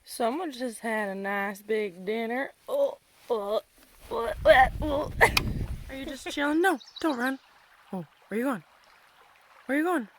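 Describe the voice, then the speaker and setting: High slow-talking woman chatting to critters on a trail, soft hiss behind. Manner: cooing chatter addressed to animals. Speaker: land steward. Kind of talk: casual walking vlog. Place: outdoors on nature trails.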